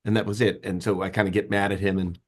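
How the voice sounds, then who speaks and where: Lowish voice guy, comic actor, quick animated stories, ribbing his friends. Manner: animated, joking storyteller. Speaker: actor and comedian guest. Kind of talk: casual storytelling chat.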